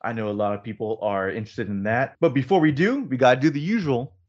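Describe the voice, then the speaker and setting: A man's voice: mid-range voice, fast talker. Joking male podcast host, lo-fi. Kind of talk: casual chat.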